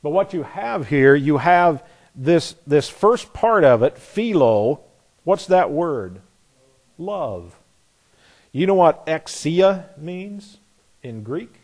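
A man's voice: fairly high pitch, darkish tone, breathy edge. A man preaching a sermon to his assembly in a conversational teaching manner, explaining words and sometimes spelling them out letter by letter. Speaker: pastor.

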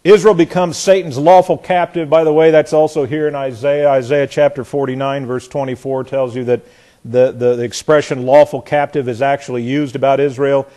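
A man teaching the Bible verse by verse in a lively way. He often restarts and repeats words, and he mocks the quoted speakers with sarcastic asides. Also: mid-range voice, fairly quick. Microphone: chart on a board behind him.

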